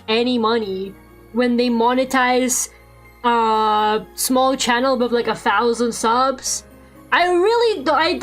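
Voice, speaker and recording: Young woman streamer, higher voice, rambly and sweary chat, faint music behind. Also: fairly bright tone. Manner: rambling, swears a lot, laughs often. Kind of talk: casual chat while drawing on stream.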